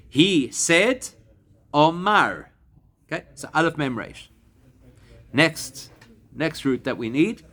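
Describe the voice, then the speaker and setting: Rabbi teaching a Talmud class. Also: male voice, a little high, a bit bright. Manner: explanatory, slows to spell out Hebrew and Aramaic words. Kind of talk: classroom lesson to a live group.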